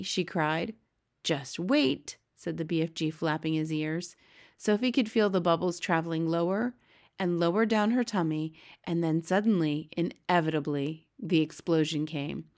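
A woman narrating a children's storybook aloud in a steady, expressive read-aloud manner. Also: lowish voice. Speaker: audiobook reader.

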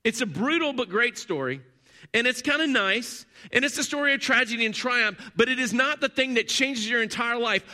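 A man preaching a sermon, telling stories and building his points through repetition, moving between loud emphasis and hushed low passages. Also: animated, normal speed. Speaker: pastor.

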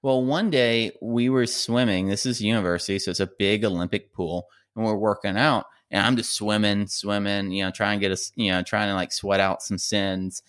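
A man co-hosting a podcast, telling a long, rambling story in casual chat with lots of fillers and shouted quotes. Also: moderate pace, hardly any pauses, clean tone. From rural America. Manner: rambling, animated, acts out quotes in a high yell. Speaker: podcast co-host.

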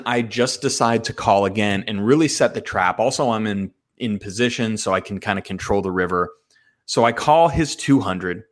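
Self-mocking man hosting a podcast. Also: on the low side. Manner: self-mocking, animated storytelling. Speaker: podcast host. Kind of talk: solo podcast hand review.

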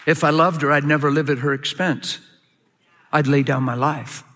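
A male pastor preaching a sermon to a live audience in a large hall. He tells his story with animated swings from loud shouts to quiet low asides. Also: normal speed, some chatter behind, a little hiss or hum. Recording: long echoing hall reverb.

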